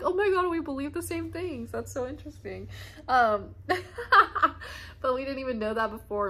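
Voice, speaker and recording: Bright-voiced female vlogger in her twenties, casual storytime, rambling, laugh-prone. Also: fairly high pitch. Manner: chatty, rambling, laughs often. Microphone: camera mic.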